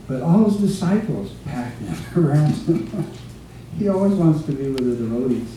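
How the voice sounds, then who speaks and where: A man giving an informal devotional remembrance talk, halting often with fillers and restarts as he recalls stories. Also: on the high side, big pitch swings, dark tone. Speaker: guest speaker. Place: devotees' home, recorded from across a room. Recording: echoey room from far off, faint hiss.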